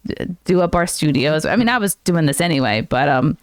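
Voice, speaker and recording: A woman hosting a relaxed studio podcast, chatty and quick to laugh, often trailing off mid-thought. Her voice is smooth and sits a little low. The sound is dry and close. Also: no echo. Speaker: podcast host. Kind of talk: casual chat.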